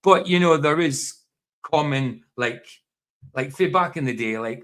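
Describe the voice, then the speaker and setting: A man's voice: on the high side, a little slow, fairly bright tone. A man with a broad Doric Scottish accent from northeast Scotland, chatting casually, laughing often and repeating himself. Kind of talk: casual chat.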